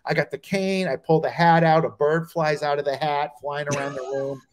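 A man's voice: on the high side, normal speed. A middle-aged man from New Jersey, a stand-up comedian telling road stories as a guest on a comedy talk show, acting out the people in them. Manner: animated storyteller, acts out quoted voices.

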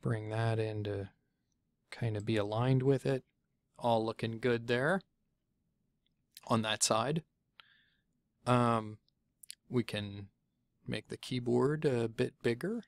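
A man giving a casual software tutorial, chatty and thinking aloud as he clicks through, often stopping to correct himself. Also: medium pitch, slow pace, long pauses, dry recording. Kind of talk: casual screencast walkthrough.

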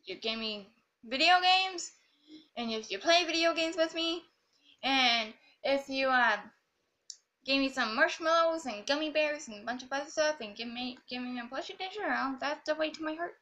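Bright high-voiced silly gamer girl. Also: lively intonation, normal speed. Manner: rambling, silly and jokey. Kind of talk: casual gameplay commentary.

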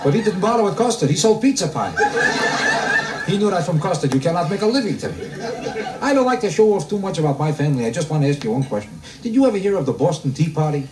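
A man doing a stand-up routine for a live audience, grumbling deadpan and tossing rhetorical questions at the crowd. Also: on the high side, fast talker. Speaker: stand-up comedian. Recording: roomy live club recording, mic heard from a distance. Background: audience laughter.

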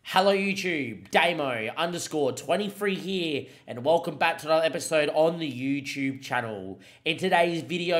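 A young man with a high, bright voice calls a football match from a management game. He speaks in quick, punchy bursts and jumps up loudly whenever a goal comes near. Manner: excitable, shouts at big moments. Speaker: gaming streamer.

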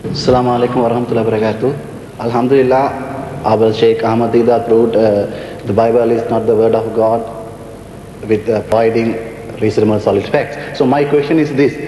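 A man from the audience of a public debate asking a question hesitantly, pausing often. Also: medium pitch, fairly even intonation, warm tone. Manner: hesitant, with pauses and "uh"s. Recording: echoey hall with faint noise.

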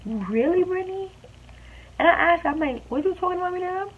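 A woman's voice: extremely high pitch, lively intonation, fast talker. A young woman vlogger telling a storytime in an emphatic, indignant way. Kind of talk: storytime vlog. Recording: dull lo-fi audio with faint hiss.

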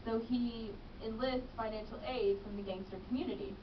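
A woman's voice: on the high side, steady tone, brisk, noisy background. A young woman, an actress and business manager, chatting in a radio interview and laughing easily. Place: radio studio. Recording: distant, muffled radio studio audio.

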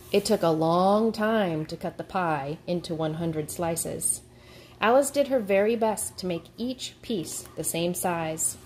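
A woman teacher reading a picture book aloud to her class, in a slow, expressive storytelling way. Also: on the low side, slight background noise.

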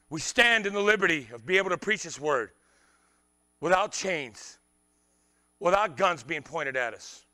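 A male pastor preaching with fervor, swinging from shouted lines to hushed, quiet passages. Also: sits high. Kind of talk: sermon.

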